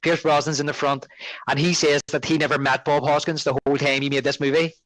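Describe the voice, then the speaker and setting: A man's voice: fairly high pitch, fast talker, no echo, poor audio. A man co-hosting a podcast, chatting casually about a film and acting out its lines. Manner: animated, quotes film lines in character. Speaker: podcast co-host.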